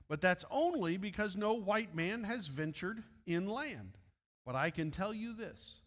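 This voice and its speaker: A man's voice: high voice, sharp tone, heavily acted. A man reading aloud as a confident older missionary, speaking firmly and emphatically, in an echoey hall.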